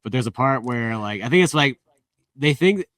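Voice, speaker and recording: A man's voice: mid-range voice, animated, moderate pace, fairly bright tone, dry recording, clean studio sound. A man co-hosting a podcast, retelling movie scenes in a chatty way, often laughing and restarting his sentences. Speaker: podcast co-host. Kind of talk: casual movie review chat.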